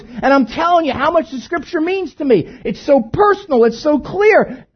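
Male pastor, animated husky storyteller, slightly muffled recording. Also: very high-pitched. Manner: storytelling with humor, swinging between hushed and loud. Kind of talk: sermon.

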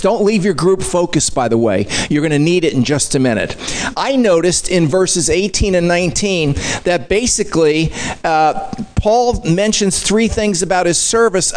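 High, lively male Bible study leader. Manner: playful, emphatic, sudden shifts in volume. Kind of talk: animated teaching to small groups.

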